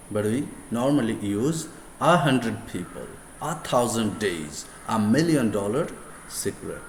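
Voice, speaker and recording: A man whose first language is Bengali, with a Bangladeshi accent, teaching English grammar in a deliberate lecture style and repeating words and examples for emphasis. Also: fairly low pitch. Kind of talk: slow classroom lecture. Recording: echoey room with faint background noise.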